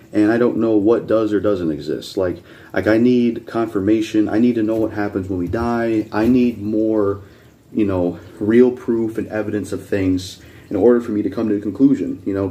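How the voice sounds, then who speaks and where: A man's voice: lowish voice, mellow. A man hosting a reaction video, ranting bluntly with heavy swearing and repeating his points insistently. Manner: blunt, profane and combative. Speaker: channel host reacting to videos.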